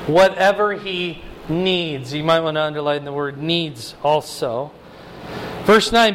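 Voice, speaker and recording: A man with a notably high voice leads a verse-by-verse Bible study as a pastor. He reads passages aloud, then explains them in a plain conversational way and keeps checking in with his listeners. Faint noise sits under the recording. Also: expressive, a little slow, a bit bright.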